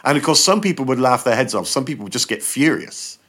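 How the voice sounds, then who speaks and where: A man telling long, rambling jokes on a podcast, switching into little voices for each character. His pitch rises and falls a lot as he tells them. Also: quick pace, slightly rough. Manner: animated storyteller acting out joke characters. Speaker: podcast guest. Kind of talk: casual chat.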